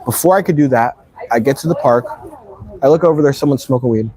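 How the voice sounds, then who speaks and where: A man's voice: mid-range voice, fast, a little mellow, poor audio. A man vlogging, telling a personal story in a rambling, emphatic way full of slang. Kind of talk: casual storytelling.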